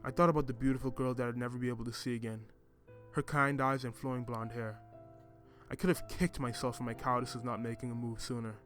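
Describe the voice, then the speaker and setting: A man reading a first-person story in a measured, reflective way. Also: mid-range voice, little pitch movement, a bit bright. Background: music.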